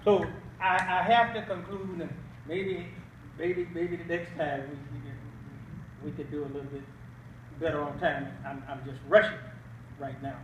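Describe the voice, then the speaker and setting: The older man's voice is fairly high and moves little in pitch, at a normal pace, as he preaches Islam emphatically as a guest at an awards banquet. He fires rhetorical questions for the audience to answer; the echoey hall audio, from a distant mic, has slight background noise.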